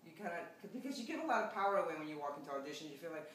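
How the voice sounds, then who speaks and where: Fast-talking actress in an echoey room. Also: female voice, low-pitched. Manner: animated, breaks into playful quoted voices. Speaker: actress, interview guest. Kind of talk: casual spiritual chat. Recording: very echoey room, mic at a distance, faint noise.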